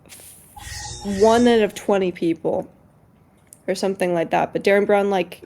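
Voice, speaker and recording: A woman's voice: mid-range voice, normal speed, dark tone, slight background noise. A woman chatting casually on a live stream, rambling with lots of fillers as she explains something. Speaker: co-streamer guest.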